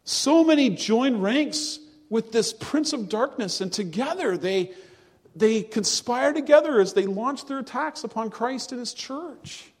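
A man preaching a sermon to his congregation, earnest and measured, drawing out words for emphasis. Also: very high-pitched, lively intonation, long reverb tail. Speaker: pastor.

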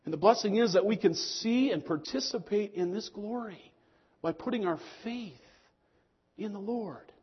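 A man preaching a sermon to his congregation as pastor, swelling on key lines and dropping low and slow for emphasis. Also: husky, lo-fi sound.

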